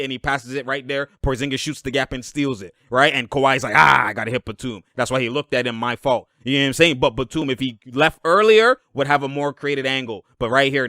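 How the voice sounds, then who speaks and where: Host, male, excitable film-room talk, bright forceful voice, close dry mic. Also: medium pitch, no echo. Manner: animated, laughing, shouting at plays. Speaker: basketball video host. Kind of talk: casual breakdown over game clips.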